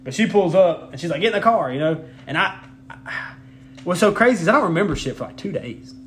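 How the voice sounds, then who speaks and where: A man's voice: on the high side, animated, fairly quick, a bit bright, slight background noise. A young man co-hosting a podcast, telling a rambling, profane story in casual chat and laughing as he goes. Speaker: podcast co-host.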